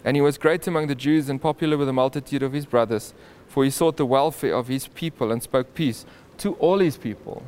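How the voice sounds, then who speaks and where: A man's voice: mid-range voice, a little fast, few pauses, slight background noise. Man retelling a Bible story with animation. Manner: animated storytelling with chuckles and restarts. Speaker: Bible teacher.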